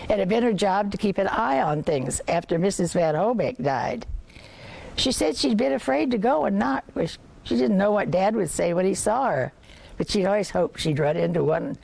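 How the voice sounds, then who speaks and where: Older woman reading a novel aloud, gravelly. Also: medium pitch, darkish tone. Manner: measured reading with occasional slips and restarts. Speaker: reader.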